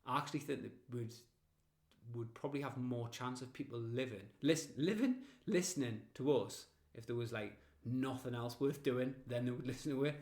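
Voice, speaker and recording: A man's voice: medium pitch, moderate pace, a little mellow, reverberant. A man co-hosting a podcast in casual chat. He laughs a lot, swears freely and acts out little scenes. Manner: laughs often, sweary, acts out bits of stories. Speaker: podcast co-host.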